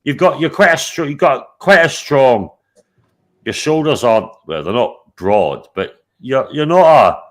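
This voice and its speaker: A man's voice: medium pitch, unhurried. A blunt man hosting a casual live stream. He swears constantly and tells stories with a lot of energy, lecturing and teasing the people around him. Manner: blunt, heavy swearing, animated storytelling. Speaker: show host.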